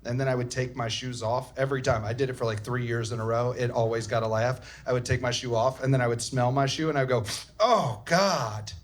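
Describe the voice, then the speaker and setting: A man's voice: medium pitch, flat delivery, fast talker, few pauses, slight background noise. Casual joking man on a comedy stage. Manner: casual, jokey storyteller. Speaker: comedian and former teacher, panel host. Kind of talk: live comedy Q&A banter. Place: stage before a live audience.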